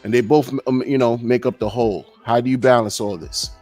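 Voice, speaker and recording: A man's voice: medium pitch, fairly even intonation, brisk, darkish tone, faint music behind. A middle-aged man hosting a live podcast, rambling loosely and filling his talk with "man" and "you know". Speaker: podcast host. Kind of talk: casual live-stream rambling.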